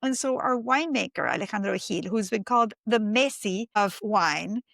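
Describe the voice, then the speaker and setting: A woman's voice: mid-range voice, normal speed, gravelly, dry recording. A woman from Argentina, a winemaker guest on a podcast, telling stories with animation and acting out what others said. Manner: animated storyteller, acts out quoted voices. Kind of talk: casual interview talk.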